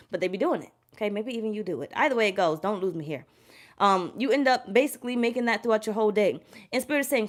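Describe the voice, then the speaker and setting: A woman giving a casual live tarot reading in a voice of ordinary pitch, neither high nor low. She rambles and curses freely, circles back to repeat her points, and breaks off to say hello to viewers in the chat. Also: fast talker, a bit bright. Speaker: tarot reader.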